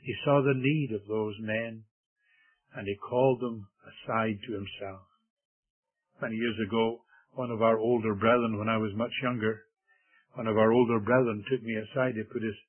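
An older man preaching a sermon in an earnest, measured way, building to emphatic swells. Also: mid-range voice, breathy edge. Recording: tinny phone-like lo-fi recording.

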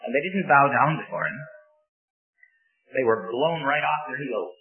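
A man's voice: medium pitch, a little slow. Man preaching over a tinny line. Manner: animated storytelling with rhetorical questions. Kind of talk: sermon. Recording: tinny phone-like sermon recording with faint music.

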